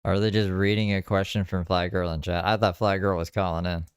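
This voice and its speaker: Man, casual stream commentary, rambling, jokey, smooth voice, dry. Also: low voice, flat delivery, fairly quick, dry recording. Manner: rambling, joking, trails off.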